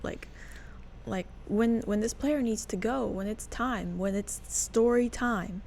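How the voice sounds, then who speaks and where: A woman co-hosting a role-playing podcast, teasing and quick to react. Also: fairly high pitch, a little mellow, slight background noise. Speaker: podcast co-host. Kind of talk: casual podcast chat.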